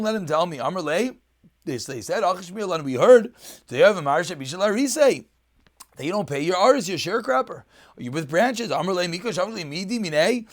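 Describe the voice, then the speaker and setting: A man's voice: sits high, lively intonation, fairly quick. A man teaching a daf yomi Talmud lesson. He reads Aramaic phrases and explains them in English.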